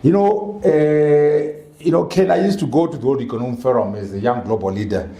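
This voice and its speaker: A Zimbabwean man giving a loud, emphatic speech as an author at a book launch, driving points home with repeated rhetorical questions. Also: mid-range voice, fairly quick, lo-fi sound. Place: event hall in Harare. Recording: echoey hall.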